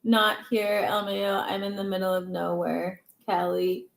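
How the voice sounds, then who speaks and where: A woman's voice: mid-range voice, level tone, normal speed, creaky. A woman hosting a livestream in casual chat, playful and teasing, often laughing. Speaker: livestream host. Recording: roomy echo.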